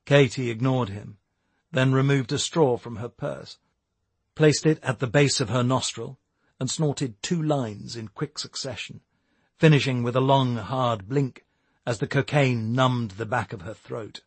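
A man reading a novel aloud in a measured, even narrating voice. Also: mid-range voice, breathy edge, dry recording. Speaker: audiobook narrator. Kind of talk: scripted narration.

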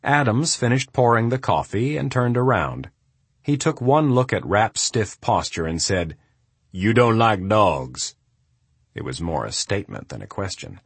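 An audiobook narrator, male, deep and husky, reads scripted text in measured, steady storytelling. No room sound comes through.

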